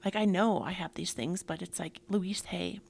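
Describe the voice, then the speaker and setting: Whispery mom host with gravelly edge. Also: female voice, lowish voice, steady tone, normal speed, a little hiss or hum. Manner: breathy, drifting into soft whispers, many "like" fillers. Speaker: yoga podcast host. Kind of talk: casual motivational talk.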